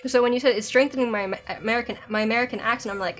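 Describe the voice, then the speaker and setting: A woman's voice: on the high side, racing. A young woman streamer with a Southern accent and a slight lisp, rambling through a game playthrough with lots of filler likes. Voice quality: slight lisp from a dental aligner. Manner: rambling, self-conscious, many filler likes. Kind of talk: live-streamed game playthrough, reading dialogue aloud.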